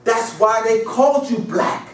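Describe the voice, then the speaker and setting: A man's voice: extremely high pitch, steady tone, measured pace. A man giving a classroom lecture with call and response, emphatic and repetitive, firing rhetorical questions and telling chatty stories. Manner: chatty storytelling asides. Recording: echoey room, mic far off.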